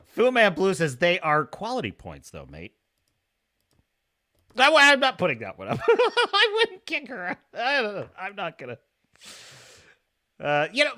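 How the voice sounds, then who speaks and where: A man's voice: very high-pitched, sharp tone. A man hosting a casual livestream, talking animatedly, laughing often and reading chat comments aloud. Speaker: livestream host.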